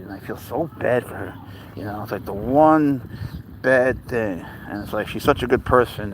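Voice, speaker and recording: A man's voice: fairly low pitch, a little hiss or hum, poor audio. Chatty man rambling on a live stream. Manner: rambling, chatty, baby talk to his cat. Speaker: live stream host with pet cat. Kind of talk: casual live stream chat reading comments.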